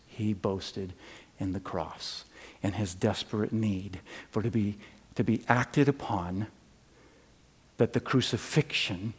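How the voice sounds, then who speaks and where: An older man preaching a sermon, animated in his stories and dropping low and quiet for serious points. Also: big-room sound. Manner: animated storytelling, swings from loud and high to low and quiet. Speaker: pastor.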